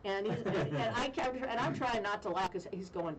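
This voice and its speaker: A woman radio host telling a funny story in casual chat, animated and self-mocking, with deadpan jokes. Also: mid-range voice, moderate pace, recorded from a distance, a little hiss or hum, rough recording. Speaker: radio talk show host.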